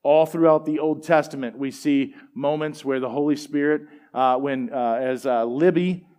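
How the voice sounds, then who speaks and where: A middle-aged man preaching a sermon and telling personal stories in a relaxed, conversational way, with plenty of fillers. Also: on the high side, moderate pace. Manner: conversational, animated storytelling with fillers. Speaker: pastor. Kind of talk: sermon storytelling.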